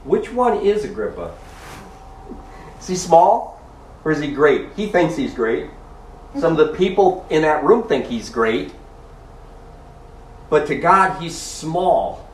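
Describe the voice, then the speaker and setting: Animated male preacher in an echoey hall. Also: mid-range voice, a little hiss or hum. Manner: animated, reads scripture aloud with emphatic asides and chuckles. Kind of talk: sermon. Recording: roomy echo from a distance.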